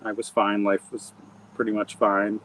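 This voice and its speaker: A man's voice: on the low side, level tone, normal speed, fairly bright tone, slight background noise, rough recording. A middle-aged man from Montana, an author being interviewed, telling his story in a rambling, reflective way with many fillers and restarts. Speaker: author and guest. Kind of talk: conversational interview.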